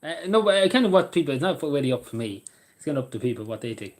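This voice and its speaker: A man vlogs in a medium-pitched, sing-song, darkish voice at a very fast pace. His live chat is rambling and casual as he drifts between topics, swears freely, and laughs at his own jokes.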